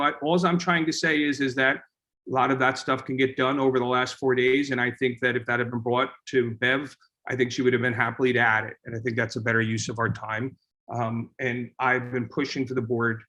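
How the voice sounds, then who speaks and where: A man chairing a community board meeting, talking informally with many halting restarts. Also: mid-range voice, pushed and bright.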